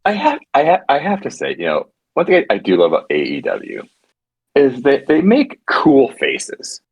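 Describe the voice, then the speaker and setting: A man co-hosting a casual podcast chat, rambling and animated, with frequent restarts and swearing. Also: mid-range voice, moderate pace, breathy edge, no room sound, dull audio. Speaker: podcast co-host.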